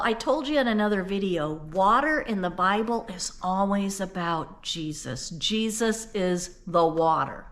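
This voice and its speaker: A woman's voice: fairly low pitch, a bit bright. Folksy older woman telling Bible stories. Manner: folksy, conversational, earnest. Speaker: Bible teacher. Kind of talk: casual Bible storytelling.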